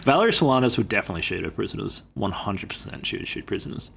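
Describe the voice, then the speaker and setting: An Australian man co-hosting a podcast, playful and quick to laugh, swearing casually. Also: lowish voice, big pitch swings, creaky, fairly bright tone, a little hiss or hum. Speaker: podcast co-host. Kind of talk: casual chat.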